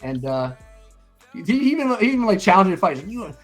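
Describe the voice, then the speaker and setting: A middle-aged stream co-host talks fast in a high-pitched voice over faint music, chatting casually. He tells lively stories full of swearing and acts out what people said.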